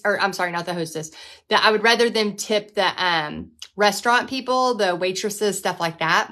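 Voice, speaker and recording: A woman, hosting a live painting class from her home art studio in a chatty, upbeat way. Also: bright, forceful tone. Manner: chatty, upbeat, talks to her dog in a high baby voice. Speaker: painting instructor and host. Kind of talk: casual live-stream teaching.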